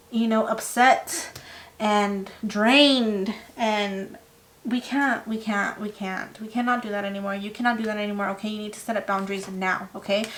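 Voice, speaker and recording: Chatty, emphatic woman reading tarot. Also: fairly high pitch. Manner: chatty, emphatic, lively asides and mock quotes. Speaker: tarot reader. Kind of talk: casual spoken tarot reading to camera.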